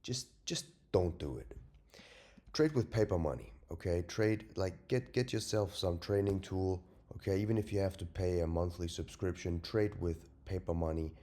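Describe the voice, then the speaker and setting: Male host, deep mellow voice, unhurried casual chart talk, blunt and profane, loud warnings then whispers. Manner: swings from loud emphatic warnings to whispered asides; profane, blunt and self-mocking. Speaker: trading video host.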